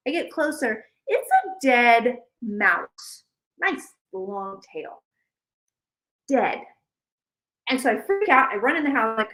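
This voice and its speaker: A woman hosting a casual livestream, telling a rambling, animated story full of restarts. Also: fairly high pitch, normal speed, rough recording. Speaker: psychic livestream host. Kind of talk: casual chat.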